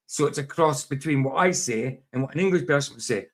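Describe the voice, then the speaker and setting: A man speaks with a broad Doric accent from Scotland's northeast. His voice sits at an ordinary middle pitch, and he chats loosely, laughing often and repeating phrases as he goes. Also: steady tone, normal speed. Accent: Doric Scottish. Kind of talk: casual chat.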